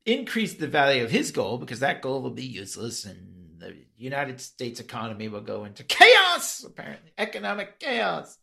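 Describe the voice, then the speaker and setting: Lively gravelly-voiced man, chatty. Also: mid-range voice, moderate pace, hardly any pauses. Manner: laughing, meandering, trails off. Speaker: podcast co-host. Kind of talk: casual film discussion.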